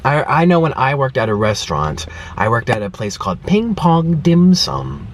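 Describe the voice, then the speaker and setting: A man's voice: medium pitch, wildly swooping pitch, normal speed. A young man chatting to camera from his car, telling a story with lots of acted-out quotes. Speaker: food vlogger. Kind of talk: casual chat to camera.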